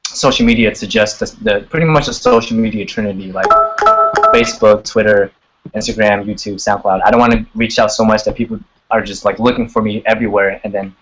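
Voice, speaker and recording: A man who is a singer joins a live video call as a guest, chatting in a laid-back way, laughing often and swearing now and then. His voice is lowish and steady, and he talks fairly quickly. The computer mic picks up a noisy background.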